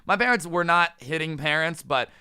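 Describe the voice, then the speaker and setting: A man's voice: a little high, normal speed, sharp tone, smooth, no room sound, studio quality. A man telling a storytime vlog in a casual, joking, sarcastic way. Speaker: storytime YouTuber.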